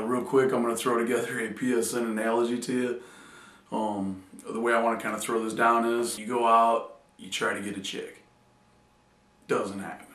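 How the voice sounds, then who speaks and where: A man's voice: lowish voice, bright, forceful tone. A man talking casually to camera, telling a funny story in a loose, joking way. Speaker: vlogger. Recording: echoey room, distant mic.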